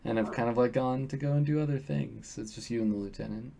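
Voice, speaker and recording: A man's voice: mid-range voice, fast talker, creaky, warm tone. A man narrating as game master in a tabletop game, loose and hesitant with many fillers.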